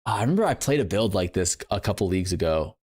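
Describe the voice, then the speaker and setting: A man's voice: low voice, big pitch swings, fast, darkish tone. A young man streaming games, chatting casually to his viewers in a rambling, playful way with lots of fillers. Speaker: game streamer. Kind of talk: casual livestream chat.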